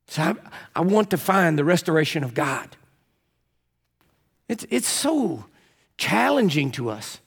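Inside a church sanctuary with long, ringing reverb, a preacher delivers a sermon full of animated storytelling. His husky voice sits a little high for a man and climbs to an excited pitch when he quotes other people. He keeps a moderate pace broken by long pauses.

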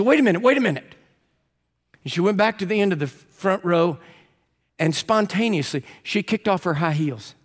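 A man delivers a sermon in a church with a long, ringing reverb. His voice sits a little high for a man. He tells stories with animated energy and climbs even higher when he acts out other people's lines. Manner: animated, rising to high excited pitch when quoting. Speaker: preacher. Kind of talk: sermon with storytelling. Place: church sanctuary.

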